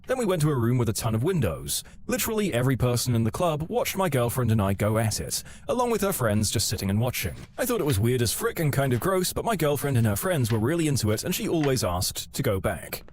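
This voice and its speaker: A man's voice: medium pitch, slight background noise. A man narrating online stories in a scripted way, acting out the quoted lines as he reads. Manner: lively storytelling, acts out quoted lines.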